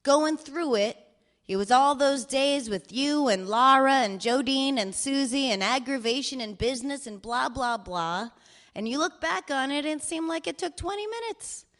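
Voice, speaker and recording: A cheerful, foul-mouthed older father leaving rambling voicemails, as his daughter puts him on. His voice sits fairly high and swings widely between phrases. He teases, swears and says he loves her in the same breath. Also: expressive, moderate pace, fairly bright tone. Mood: affectionate rambling. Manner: swearing freely, wry and affectionate. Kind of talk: reading voicemails aloud in character.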